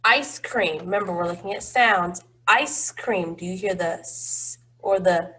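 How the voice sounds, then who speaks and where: A woman's voice: fairly low pitch, a little slow, pushed and bright, breathy edge. A woman teaching a phonics lesson to young children, patient and encouraging, drawing out each word.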